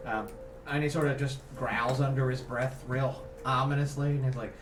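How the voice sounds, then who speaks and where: A man's voice: mid-range voice, little pitch movement, moderate pace, distant mic, background noise. Chatty male player in an echoey room. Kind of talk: casual game chat.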